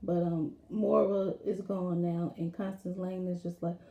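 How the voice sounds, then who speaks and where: A woman casually recapping a TV episode in a rambling, animated way, acting out lines from it as she goes. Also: fairly low pitch, unhurried, muffled recording. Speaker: TV episode reviewer. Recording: roomy echo.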